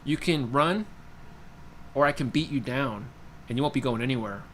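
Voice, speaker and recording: A man's voice: medium pitch, moderate pace, fairly bright tone, slight background noise, lightly acted. A young man quoting a menacing street tough. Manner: threatening, pushy.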